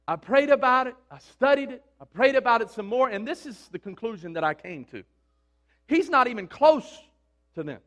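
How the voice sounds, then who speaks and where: A man delivers a sermon in a very high voice. He preaches emphatically but stays conversational, and he keeps turning to his listeners with questions. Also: expressive, moderate pace, fairly bright tone, dull audio.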